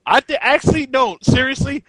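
A man's voice: very high-pitched, animated, fairly quick, a bit bright, dry recording, poor audio. A man co-hosting a podcast in casual chat, rambling, swearing casually and laughing often. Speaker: podcast co-host. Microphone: podcast mic.

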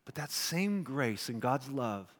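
A man preaches his own testimony from the pulpit, a pastor in the middle of his pitch range. He tells the story with animation, dropping to a hush and rising close to a shout. The sound carries a long reverb from a church hall. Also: takes it slowly. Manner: animated storytelling, swings from hushed to near shouting. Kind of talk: sermon testimony.

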